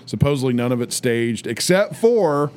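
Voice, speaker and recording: A man hosting a casual podcast chat, talkative and quick to laugh, with opinionated asides. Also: mid-range voice, expressive, a little mellow, clean tone. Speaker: podcast host.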